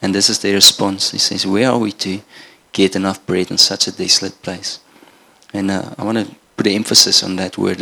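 A middle-aged male pastor from Namibia delivers a sermon in an earnest, conversational manner. His voice sits low with a gravelly edge. He speaks with little rise and fall in pitch. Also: little pitch movement, moderate pace, bright, forceful tone. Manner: earnest, conversational preaching with restarts.

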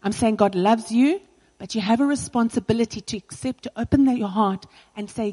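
A woman's voice: a little high, moderate pace, dark tone, breathy edge, big-room sound, rough recording. A woman pastor preaching a sermon in an earnest, personal way, driving her points home with repetition.

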